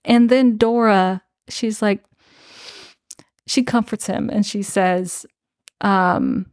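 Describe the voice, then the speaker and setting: A woman's voice: medium pitch, steady tone, slow pace, pauses often, darkish tone, no echo, studio quality. A woman co-hosting a podcast, retelling a book's scenes in a chatty way with lots of "like". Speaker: podcast co-host. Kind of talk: casual book discussion.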